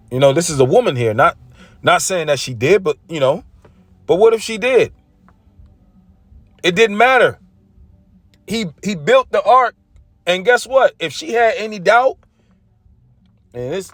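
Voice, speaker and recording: A man's voice: high-pitched, no room sound. Intense ranting man, dry close sound. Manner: intense, repetitive, stumbling over words. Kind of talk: casual religious rant.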